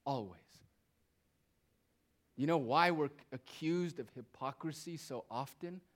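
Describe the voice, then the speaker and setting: A male pastor preaching a sermon, moving between loud, emphatic phrases and quiet, hushed asides. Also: a little high, slow pace.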